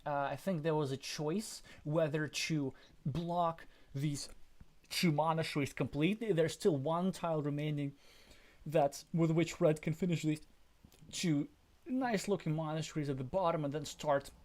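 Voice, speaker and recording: A male host commentates a live board game match in a chatty, musing way, tripping over his words and starting over. His voice sits a little high for a man. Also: normal speed, darkish tone. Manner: chatty, speculative, stumbling restarts.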